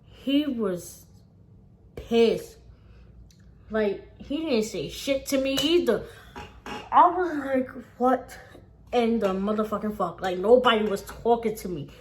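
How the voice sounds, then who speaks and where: A woman's voice: fairly high pitch, expressive, takes it slowly, long pauses, slight background noise. A young woman telling a casual storytime on her vlog, swearing freely and repeating phrases for emphasis. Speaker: vlogger.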